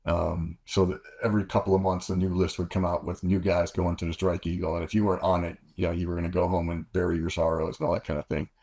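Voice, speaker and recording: An older man with a deep, husky voice tells stories as an interview guest. He rambles and corrects himself often as he works through each anecdote. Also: level tone, quick pace, hardly any pauses, darkish tone. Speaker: guest, former fighter pilot. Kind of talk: storytelling interview.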